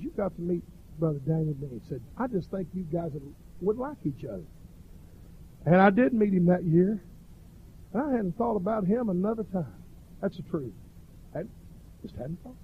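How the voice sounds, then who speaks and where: Man, preacher, revival sermon, fervent, shouting, high voice, dull lo-fi sound. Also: a little hiss or hum. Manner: fervent, rising to shouted cries. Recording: dull lo-fi recording.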